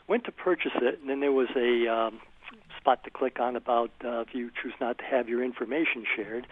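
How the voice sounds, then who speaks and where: A man calling into a radio show, telling his computer problem step by step with many pauses and fillers. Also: mid-range voice. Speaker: caller. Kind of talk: call-in phone question. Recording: tinny phone line.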